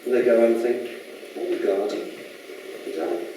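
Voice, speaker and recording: A man's voice: medium pitch, normal speed. A man giving a casual public lecture in a chatty, rambling way, often asking the audience questions. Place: lecture room. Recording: echoey hall from far off with faint noise.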